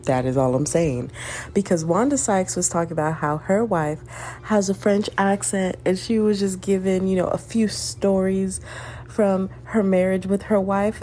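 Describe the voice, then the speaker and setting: A woman's voice: medium pitch, mellow. Rambling Southern woman in her twenties. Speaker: podcaster. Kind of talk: casual solo chat.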